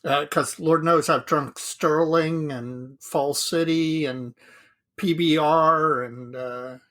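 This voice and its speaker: A man's voice: on the high side, steady tone, slow pace, fairly bright tone. A man co-hosting a casual hobby podcast, chatting in an easygoing, self-deprecating way. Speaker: podcast co-host.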